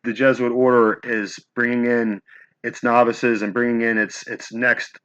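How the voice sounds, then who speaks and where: Bright-voiced male host, hesitant questions. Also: medium pitch, level tone, a little slow, clear, resonant tone, dull audio. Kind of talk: conversational interview.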